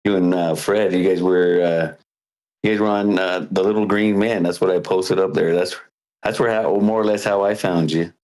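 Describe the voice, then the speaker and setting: Very deep-voiced rambling man. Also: fairly even intonation, darkish tone, rough recording. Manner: rambling, halting, many fillers. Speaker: longtime caller. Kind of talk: casual call-in chat.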